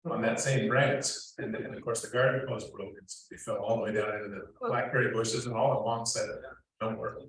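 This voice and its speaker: A man on a panel telling an anecdote in a quick, storytelling way. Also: on the low side, fairly even intonation, fairly bright tone. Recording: distant mic in an echoey room.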